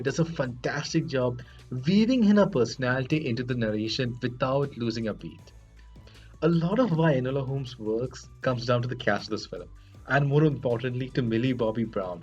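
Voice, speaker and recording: A man hosts a podcast film review in an earnest, chatty, self-deprecating way. His voice is husky and mid-pitched. The recording is dull and lo-fi, with faint music underneath. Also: darkish tone. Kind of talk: casual spoken film review.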